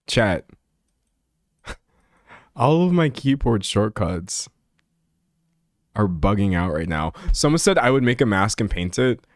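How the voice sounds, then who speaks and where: Lively, self-mocking young male streamer. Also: on the low side, takes it slowly, long pauses, no echo, clean studio sound. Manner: self-deprecating, chatty, laughs often. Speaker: livestreamer. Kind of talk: casual live-stream chat while editing.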